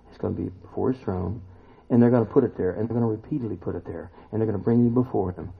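A man preaching a sermon, emphatic and full of rhetorical questions, now and then climbing to loud exclamations. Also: lowish voice, fast talker, gravelly, slightly rough. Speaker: pastor. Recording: tinny phone-like recording.

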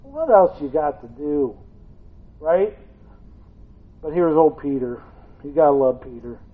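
A man delivers a relaxed, humorous sermon and mixes family anecdotes with a scripture reading. His voice sits high for a man. The recording is narrow and tinny, like a phone line. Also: measured pace. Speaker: preacher. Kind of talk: conversational sermon.

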